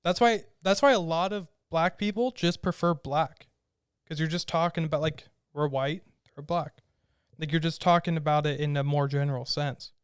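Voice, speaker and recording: A man's voice: a little high, normal speed, clear, resonant tone, no echo, clean studio sound. A man co-hosting a podcast in casual chat. He rambles through his opinions with lots of "like" fillers. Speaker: podcast co-host.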